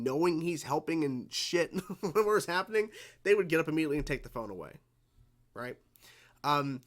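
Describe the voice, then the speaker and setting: Pitched on the high side with a slightly bright tone, the reaction video host rambles through a cartoon episode. His commentary is casual and profane, full of laughter and sentences he starts over.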